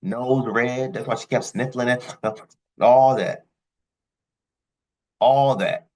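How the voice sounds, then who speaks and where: A man giving blunt, profane commentary as a vlogger, with his pitch jumping high on the words he stresses. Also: takes it slowly, darkish tone, low-quality recording. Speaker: commentary vlogger reacting to a clip. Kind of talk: ranting commentary.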